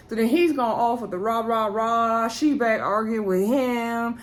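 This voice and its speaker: A woman's voice: a little high, fairly even intonation, normal speed, hardly any pauses. A young woman casually recapping a reality show, acting out the cast's lines and filling her talk with "like" and "um". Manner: chatty, frequent "like" and "um".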